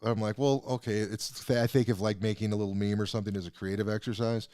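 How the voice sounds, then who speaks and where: A man's voice: on the low side, steady tone, fast talker, warm tone, dry recording, clean studio sound. A man co-hosting a podcast, telling stories in rambling, profane casual chat and laughing often. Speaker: podcast co-host, comedian.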